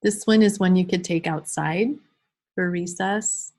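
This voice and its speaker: A woman's voice: fairly low pitch, a little slow, darkish tone. A woman leading an online class for early childhood teachers, casually talking through examples and reading them aloud. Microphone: video call.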